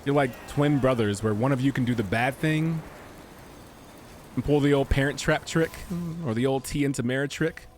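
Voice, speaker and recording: A man's voice: mid-range voice, normal speed, a little hiss or hum. A man streaming a video game, making jokey, rambling comments with goofy asides. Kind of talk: casual gameplay commentary.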